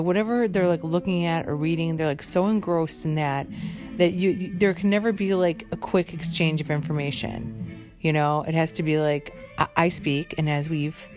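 A low-pitched woman rants casually in an exasperated, rambling way, swearing freely. She sounds overtired and worn down. Guitar music plays clearly behind her. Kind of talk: casual ranting monologue.

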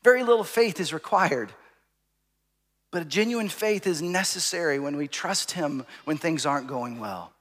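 Man, pastor, sermon, high voice, long hall reverb, storytelling with loud call-outs and soft asides. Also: animated, normal speed. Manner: storytelling, rising to shouts and dropping to hushed asides.

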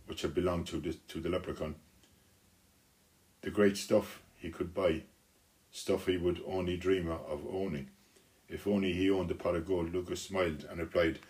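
Man, storyteller, children's story read aloud, very low pitch, unhurried, small restarts. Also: fairly even intonation, darkish tone.

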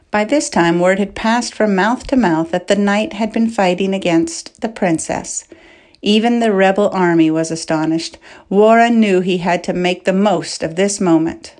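A woman narrating a novel in measured, unhurried storytelling. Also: lowish voice, darkish tone. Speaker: audiobook narrator.

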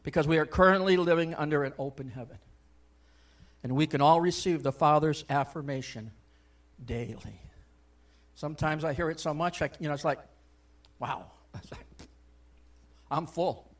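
A male pastor preaching a sermon in a church. He talks conversationally with many asides, swinging between loud exhortation and soft, hushed remarks. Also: on the high side, brisk, pauses often. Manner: conversational, frequent "I mean" and "you know".

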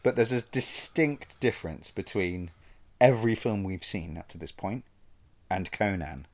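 Low-voiced earnest male podcast co-host. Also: measured pace, darkish tone. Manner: earnest, mock-pleading, self-deprecating. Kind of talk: casual chat.

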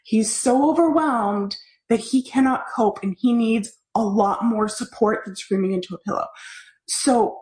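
A woman's voice: a little high, measured pace. Chatty woman hosting a parenting class. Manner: animated, chatty, answers viewer comments. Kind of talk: live online parenting class. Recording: echoey room.

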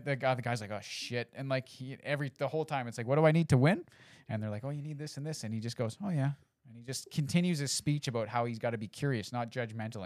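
A man chatting casually on a podcast, telling stories fast and swearing freely. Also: medium pitch, dry recording, clean studio sound. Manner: fast, profane storytelling with acted quotes.

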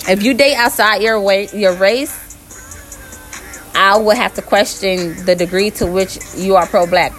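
Slow, frank woman answering viewer questions. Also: medium pitch, a bit bright. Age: adult mother. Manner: frank and opinionated, slow and deliberate, often breaks into laughter. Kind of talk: candid casual Q&A talk.

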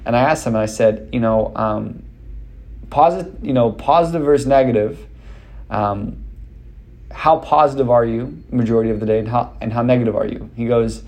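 A man talking casually as a speech coach, energetic and direct, with many fillers and restarts. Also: medium pitch, fairly quick. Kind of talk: casual advice talk.

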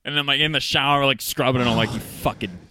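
A man's voice: medium pitch, steady tone, fast, pushed and bright, clear, resonant tone, no room sound, clean studio sound. A man co-hosting a podcast, telling a story in a casual, profane way and laughing often. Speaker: podcast co-host. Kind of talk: casual chat.

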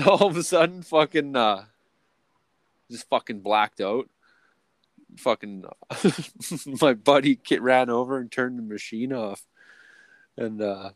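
A man's voice: medium pitch, unhurried, pauses often, dry recording. A young adult man telling a rambling story with heavy swearing and lots of fillers, co-hosting a casual podcast chat. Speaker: podcast co-host.

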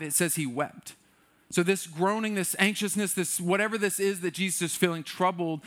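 A man delivering a sermon in an easygoing, chatty way, slipping into playful acted-out voices for the people in the story. His voice sits a little higher than most men's. It sounds like a young adult pastor talking straight to his congregation. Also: a bit bright. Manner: conversational, playful, acts out quotes.

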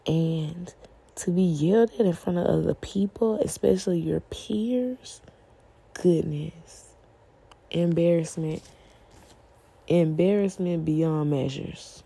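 Low gravelly woman, earnest. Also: dark tone. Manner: earnest, pleading, rhetorical questions. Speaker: podcast host. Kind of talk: faith-based parenting talk.

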